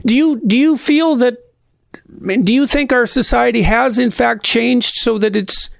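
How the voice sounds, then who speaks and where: A male interviewer speaks in a measured, halting manner and often restarts his sentences. His voice is high and gravelly with vocal fry. It is recorded dry and close. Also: no room sound. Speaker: interviewer, psychology professor. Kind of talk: thoughtful interview conversation.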